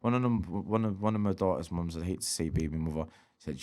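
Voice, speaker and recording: A man's voice: sits low, quick pace, a little mellow. A man, talking candidly as a podcast guest, streetwise and swearing freely, often asking "do you know what I mean". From Manchester. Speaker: interview guest, rapper.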